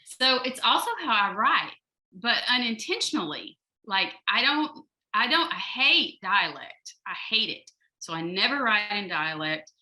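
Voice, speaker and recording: A woman's voice: mid-range voice, expressive, unhurried, bright, forceful tone, rough recording. A woman with a North Georgia Southern accent, chatting on a panel as a novelist, laughing often. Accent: Southern American, North Georgia. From North Georgia, USA. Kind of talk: casual panel discussion.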